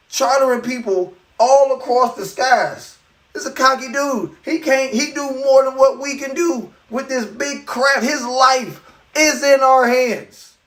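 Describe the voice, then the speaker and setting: Man, high voice, podcast host, animated comedic rant, profane, incredulous, distant mic.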